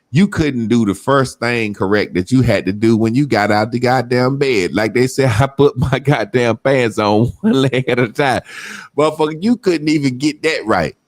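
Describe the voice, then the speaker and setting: Animated profane man on a podcast. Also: mid-range voice, no echo, clean studio sound. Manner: animated, profane storytelling with mocking quoted voices. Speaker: podcast co-host. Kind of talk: casual podcast talk.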